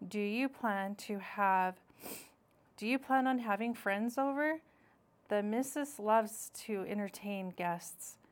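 A woman voicing a grumpy, stubborn male beaver who talks in a gruff, curt way. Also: medium pitch, takes it slowly, natural voice.

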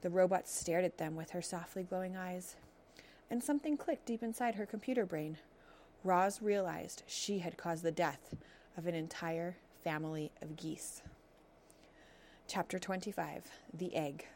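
A woman reading a children's novel aloud as narrator, telling the story in a steady, expressive way. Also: on the low side, a little slow, a little hiss or hum.

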